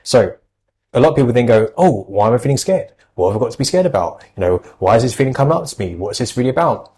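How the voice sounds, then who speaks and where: Man, brisk anxiety-coach type, earnest and reassuring, medium pitch. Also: animated, mellow, slight background noise, poor audio. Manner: earnest, reassuring, many fillers. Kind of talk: advice in podcast conversation.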